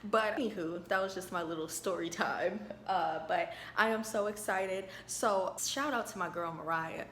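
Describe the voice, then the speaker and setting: A woman vlogging from her apartment, telling a lively story to her viewers and calling them y'all, close to the camera. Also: medium pitch, roomy sound, a little hiss or hum. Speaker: lifestyle vlogger. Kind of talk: chatty story-time vlog. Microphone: camera held close to face.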